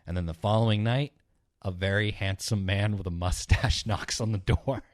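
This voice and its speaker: Talking at normal speed on a dry, clean studio recording, this young podcast co-host casually retells rambling stories. Swearing is frequent, and he voices the characters in a low mutter.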